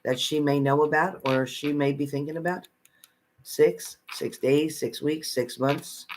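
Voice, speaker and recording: A man's voice: a little high, steady tone, a little slow, slight background noise. A man giving live psychic readings to viewers from home in a chatty manner, repeating phrases and calling people by name. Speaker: psychic reader.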